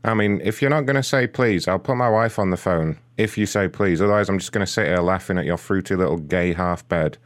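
A man's voice: deep voice, brisk, hardly any pauses. A man making a prank call as a rude customer service agent, insulting and taunting the customer in a smug way.

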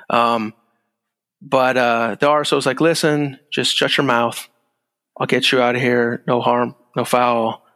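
A middle-aged former security agent, appearing as a guest, casually recounts an old story in a medium-pitched, gravelly voice. He's laid-back, laughing lightly and acting out other people's lines. A long, hall-like reverb makes it sound as though he's in a big echoing room.

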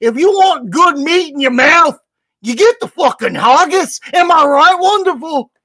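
A woman putting on a loud, crude sales voice with a made-up accent for a joke commercial. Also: high-pitched, animated, measured pace, no room sound, voice pushed up, heavily acted. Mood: brash. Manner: brash, shouty hard-sell delivery.

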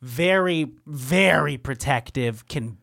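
A man co-hosting a casual podcast, animated and jokey, acting out little quotes as he talks. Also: on the high side, slow, creaky. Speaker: podcast co-host. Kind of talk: casual chat.

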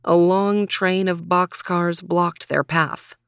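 Woman reading a kids' story, low voice, steady, dry close sound. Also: takes it slowly, smooth, no room sound. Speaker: narrator.

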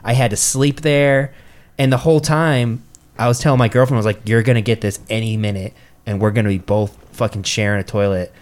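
A man's voice: steady tone, a little fast. Swearing young man telling a story. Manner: swears freely, acts out quotes with rising pitch. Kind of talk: casual chat, animated storytelling.

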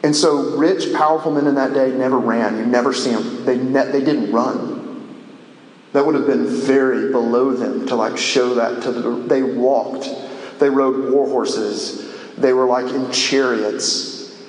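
A man's voice: medium pitch, fairly even intonation, measured pace. A man preaching a sermon, impassioned and building with repetition. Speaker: pastor. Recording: echoey large hall.

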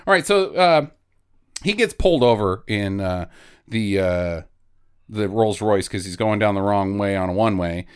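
A man's voice: fairly low pitch, lively intonation, moderate pace, clean tone. A man co-hosting a movie podcast, his voice rising and falling a lot as he retells scenes. He laughs often and slips into the characters' lines mid-story. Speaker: podcast co-host. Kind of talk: casual movie recap chat.

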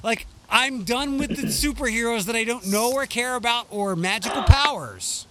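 Animated high-voiced man, rambling chat. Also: normal speed, noisy background. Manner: rambling, animated, restarts often. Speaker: podcast co-host. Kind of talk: casual chat.

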